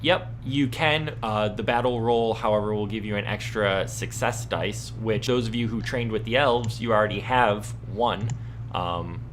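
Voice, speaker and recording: Deep-ish guy running a tabletop game, lots of ums, bit of background hiss. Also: a bit bright. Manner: halting, full of ums and likes. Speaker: game master.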